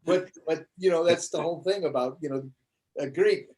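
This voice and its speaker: A man's voice: on the high side, moderate pace, slightly rough. A comedian in a casual interview, talking with a voice sitting a little above the usual male range. He tells stories with energy and slips into voices for the people in them. The delivery is loose, chatty and built around getting to the punchline. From United States. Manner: animated storyteller, acts out voices in anecdotes. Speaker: guest comedian.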